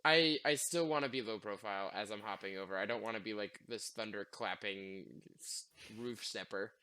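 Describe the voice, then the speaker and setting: A man's voice: lowish voice, moderate pace, bright, forceful tone, clean tone. A man playing a tabletop role-playing game, joking and talking as his character in first person. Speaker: player. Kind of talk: casual tabletop game play.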